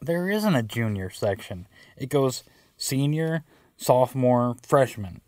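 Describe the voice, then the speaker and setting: A man's voice: mid-range voice, animated, slow pace, a little mellow, no echo, clean studio sound. A man voicing a clueless, bumbling middle-aged man who talks in a plodding, puzzled way.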